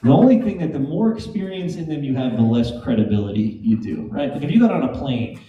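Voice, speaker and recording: Joking stand-up comedian in an echoey club. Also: male voice, medium pitch, lively intonation, fast, muffled recording, a little hiss or hum. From Greek heritage. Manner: loose, joking, crowd work with laughing asides.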